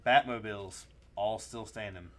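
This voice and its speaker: A man co-hosting a casual building live stream, teasing his partner in an animated way and reading chat messages aloud. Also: lowish voice, moderate pace, very noisy.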